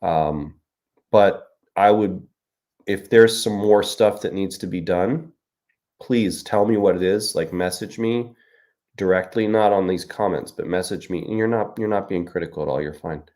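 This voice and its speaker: A man's voice: low-pitched, normal speed, darkish tone. A middle-aged man hosting a casual live-stream chat, joking and answering viewer comments. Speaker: host.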